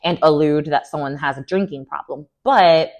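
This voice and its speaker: A young woman with a sassy, animated manner, giving an opinionated recap of a reality TV show. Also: sits low, normal speed, muffled recording. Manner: animated, sassy, lots of "like" and "girl". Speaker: recap vlogger.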